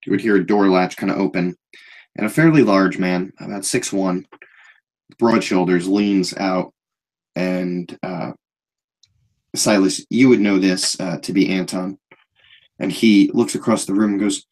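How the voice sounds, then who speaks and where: A man narrating a tabletop role-playing game in an unhurried, halting way, full of little fillers. His voice sits low and has a husky grain. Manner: relaxed, hesitant, many fillers. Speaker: game master.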